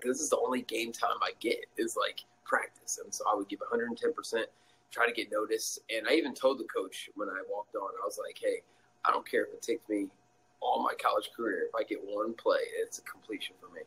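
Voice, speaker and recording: A young man telling a story as a guest in a casual interview, animated and laughing often, acting out quotes in a high voice. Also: slight background noise, rough recording.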